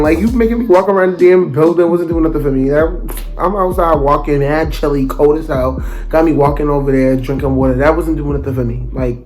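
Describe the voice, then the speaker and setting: A young man narrating a storytime vlog in an animated, dramatic, slangy way. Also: fairly high pitch, fairly quick, faint music behind. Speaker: vlogger.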